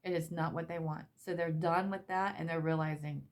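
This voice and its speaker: Woman tarot reader, lowish voice, earnest and swearing freely. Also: normal speed, hardly any pauses, darkish tone. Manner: emotional, repetitive, swears casually. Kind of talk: tarot reading.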